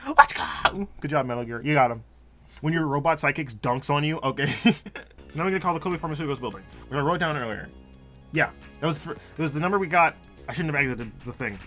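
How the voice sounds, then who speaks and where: A man's voice: on the high side, expressive, sharp tone, faint music behind. A man doing let's play commentary, rambling and joking as he plays and laughing often. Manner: rambling, jokey, quick to laugh. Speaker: gameplay commentator.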